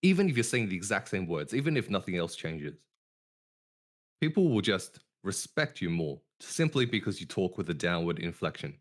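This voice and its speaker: A man hosting a casual podcast over an online voice call. His voice is very low. He speaks deliberately and ends his phrases on a firm downward inflection. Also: sing-song. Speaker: podcast host.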